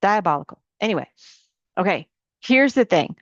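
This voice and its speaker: A middle-aged woman ministry coach giving an informal sermon to women, animated and building through repeated questions. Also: medium pitch, moderate pace, no room sound, highs cut off.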